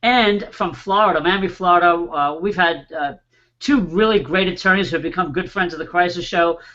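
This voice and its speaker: A man hosting an online panel show, warmly introducing his guests and filling pauses with small "uh"s. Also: sits high, highs cut off. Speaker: host.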